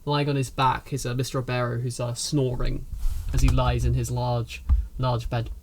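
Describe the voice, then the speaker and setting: A man narrating as game master in a tabletop role-playing game, describing scenes with many pauses and restarts. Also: mid-range voice, little pitch movement, a little mellow, a little hiss or hum. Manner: hesitant, lots of restarts; laughs often.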